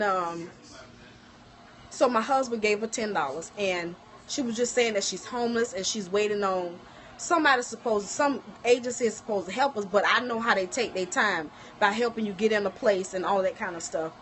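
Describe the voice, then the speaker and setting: A woman's voice: mid-range voice, a little hiss or hum. A middle-aged woman chatting casually on a livestream, telling stories and talking straight to her viewers. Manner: animated storytelling, addresses viewers as y'all. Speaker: livestream host. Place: home kitchen.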